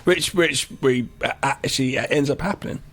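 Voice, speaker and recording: A man's voice: mid-range voice, normal speed. A man co-hosting a podcast, chiming in with jokes and impressions. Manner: jokey, chimes in with loud impressions. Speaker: podcast co-host. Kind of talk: casual film discussion.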